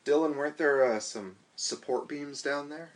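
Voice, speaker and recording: A man in a casual group chat, speaking in a calm, understated way. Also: on the high side, moderate pace, low-quality recording. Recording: loud noise with clicks.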